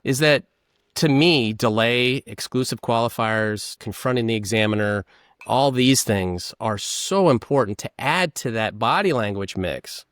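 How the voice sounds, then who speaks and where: Interview guest: man, mid-pitched, lively explainer who acts out examples, dry booth sound. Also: a little slow, clean tone, no echo. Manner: animated, acts out questions and answers. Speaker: guest, former polygraph examiner.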